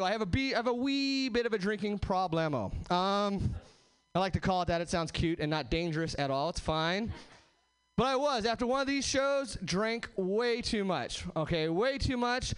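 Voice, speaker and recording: A man's voice: high voice, fairly bright tone, smooth. A male stand-up comedian performing on a crowded comedy stage. He is brash, swears freely and mocks himself. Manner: brash, profane, self-mocking. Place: packed comedy venue stage.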